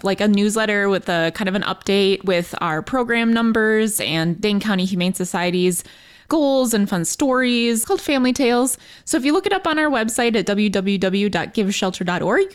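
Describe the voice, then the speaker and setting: Chatty enthusiastic woman on radio. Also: a little high. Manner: enthusiastic, informal, with fillers and laughs. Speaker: wildlife program manager.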